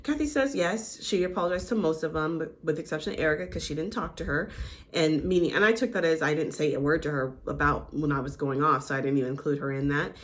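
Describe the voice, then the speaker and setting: A woman's voice: low-pitched, fast talker. A woman giving a casual, outspoken recap of a reality show, opinionated and swearing freely.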